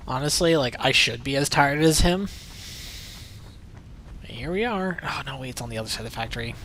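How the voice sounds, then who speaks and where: A man's voice: mid-range voice, expressive, fairly quick, pushed and bright, slight background noise. A man streaming a video game, chatting casually and rambling as he plays, sometimes swearing. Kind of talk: casual livestream commentary while playing.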